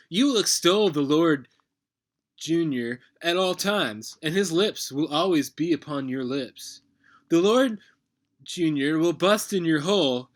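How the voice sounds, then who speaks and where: A man's voice: on the high side, a bit bright. A man playing a smug, laid-back male deity who works as a pickup artist, talking with lots of fillers and mumbles. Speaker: comedy performer. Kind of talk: comedic reading.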